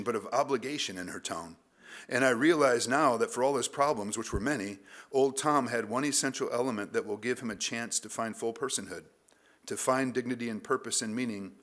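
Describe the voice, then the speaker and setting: A man who is a literature professor, reading his conference paper aloud at a measured academic pace and adding a few casual asides. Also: mid-range voice, fairly bright tone.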